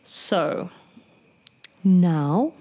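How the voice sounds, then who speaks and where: A woman running a tabletop game as game master, narrating scenes in a slow, deliberate way. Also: fairly low pitch, animated, dark tone.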